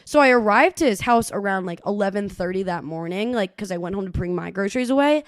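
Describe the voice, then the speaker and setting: A young woman co-hosts a podcast with a medium-pitched voice and a quick pace, recorded with no room sound. Chatting casually, she tells animated stories, acts out many quotes and laughs often.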